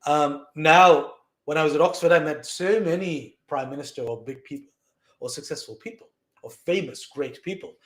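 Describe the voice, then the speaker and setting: A young man from South Asia telling a personal story in an animated way, acting out quoted voices with frequent fillers. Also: a little high, normal speed, reverberant. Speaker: vlogger recounting lessons from his mother.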